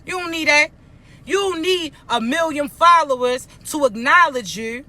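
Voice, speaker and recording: A man's voice: extremely high pitch, lively intonation, normal speed, bright, forceful tone. A man giving a blunt, profane spiritual pep talk to his viewers, often repeating that he isn't playing. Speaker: spiritual motivational speaker. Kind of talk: preachy motivational monologue to viewers.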